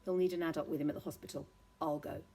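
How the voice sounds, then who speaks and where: A woman voicing a kind, practical young man in a storybook reading, calm and firm. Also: low voice, very fast, vocal fry, slightly rough, exaggerated voice.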